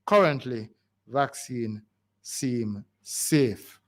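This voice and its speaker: A man's voice: mid-range voice, drawn-out words. A man with a Jamaican accent hosting a community radio show, talking in a rambling, pleading way with frequent restarts. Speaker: radio host. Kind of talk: call-in community radio talk. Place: radio studio.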